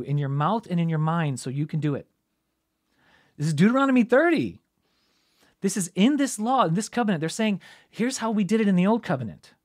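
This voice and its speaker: Male preacher with a slightly higher voice, informal Bible teaching, chatty and thinking out loud. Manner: conversational, thinks aloud, frequent "right?" asides.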